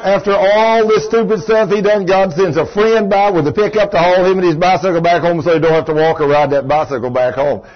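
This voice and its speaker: A man, preaching a folksy, animated storytelling sermon and acting out the people in it. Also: sits high, fairly quick, few pauses. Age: 60s. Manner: folksy, animated, acts out the people in his stories. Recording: dull lo-fi sermon recording.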